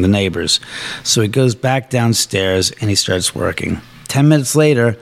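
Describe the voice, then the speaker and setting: A man telling his house's ghost stories on a live show, acting out the voices of the people he quotes. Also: fairly low pitch. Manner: animated storyteller, acts out quoted voices. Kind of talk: live podcast storytelling. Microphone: shared studio mic.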